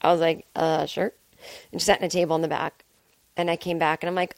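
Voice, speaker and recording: A woman in her forties hosting a podcast from home, talking casually and swearing freely, acting out quotes in a higher voice. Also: fairly even intonation, brisk, no room sound. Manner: chatty and profane, acts out quotes in a higher voice. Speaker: podcast host. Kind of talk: casual solo monologue.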